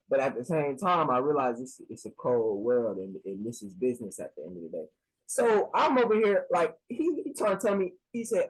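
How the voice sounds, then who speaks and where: A young man in college telling a casual storytime tale, slangy and animated, acting out both sides of a phone call. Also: high voice, brisk, husky. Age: young adult.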